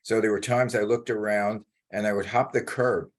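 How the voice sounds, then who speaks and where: Older man, lower voice, halting and hesitant, chatting about old cab days. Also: steady tone, a loud crowd. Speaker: guest, former cab driver. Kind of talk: casual chat.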